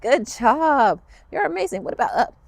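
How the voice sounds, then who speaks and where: A woman's voice: high-pitched, big pitch swings, moderate pace, vocal fry, no room sound. A woman guiding a kids yoga class, upbeat and encouraging with playful cues.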